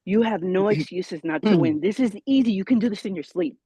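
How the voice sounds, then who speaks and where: Tearful, excited woman on a video call. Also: medium pitch, fairly quick, husky, no echo, poor audio. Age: 40s. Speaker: team member sharing a success story. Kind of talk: emotional testimonial on a video call.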